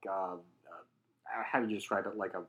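A man co-hosting a casual comic book podcast, animated, laughing often and acting out quotes. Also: low voice, brisk, lo-fi sound. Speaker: podcast co-host.

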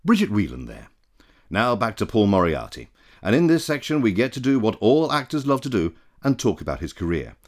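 Male podcast host reading a link, mid-pitched with a very animated pitch. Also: brisk. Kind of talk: show link narration.

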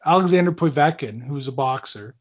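A man's voice: on the high side, animated, fairly quick, lo-fi sound. A man in his forties, a former hockey player, telling long stories in a casual interview, rambling with fillers, restarts and laughs.

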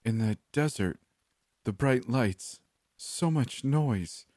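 Man doing a frail young woman, high weak voice, trembling, halting, childlike, dry close sound. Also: expressive, a little mellow, dry recording. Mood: confused. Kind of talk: horror story reading.

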